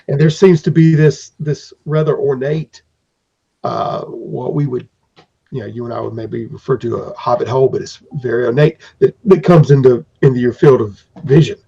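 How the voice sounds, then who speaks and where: A man's voice: medium pitch, creaky, mellow, breathy edge. A man improvising narration as game master for a tabletop game, rambling, with fillers and restarts. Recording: dull lo-fi recording.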